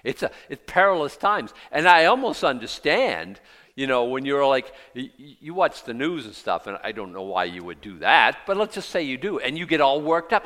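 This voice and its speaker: Animated preacher man in a reverberant hall. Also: medium pitch, normal speed. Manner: animated, self-mocking, acts out quoted voices. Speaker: pastor. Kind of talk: expository sermon.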